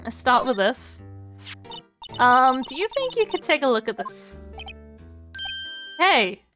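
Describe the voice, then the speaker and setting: High-voiced woman muttering over a game. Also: sing-song, a little slow, fairly bright tone, soft background music. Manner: thinking aloud, muttering to herself. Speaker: streamer. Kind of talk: let's-play commentary.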